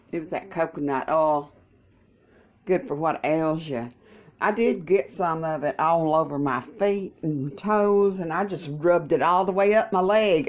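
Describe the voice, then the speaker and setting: A woman chatting in a folksy, chatty way at her kitchen table, with religious asides. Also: low-pitched. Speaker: vlogger caring for her mother. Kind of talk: casual chat. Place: home kitchen, breakfast table.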